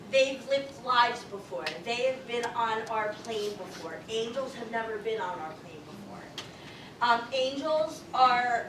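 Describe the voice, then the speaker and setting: A loud woman medium rambles through stories for a live crowd, cursing freely in a high, bright voice. She sounds distant from the mic in an echoey room with a faint hiss behind her. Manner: loud, profane, rambling storyteller. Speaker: psychic medium. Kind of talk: live audience Q&A talk.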